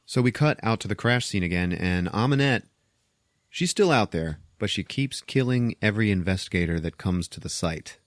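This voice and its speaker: A man hosting a podcast, casually retelling a film's plot as an animated, profane storyteller. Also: on the low side, normal speed, no room sound, clean studio sound. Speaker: podcast host. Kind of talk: casual movie recap.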